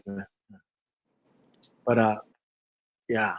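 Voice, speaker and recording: A man in his fifties hosting a casual livestream chat, rambling and joking in a loose, animated way. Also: on the high side, normal speed, poor audio. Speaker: host.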